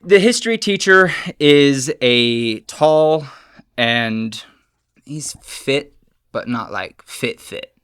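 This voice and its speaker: A man narrating a tabletop game as game master, in a relaxed, descriptive way with fillers. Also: mid-range voice, slow, clear, resonant tone.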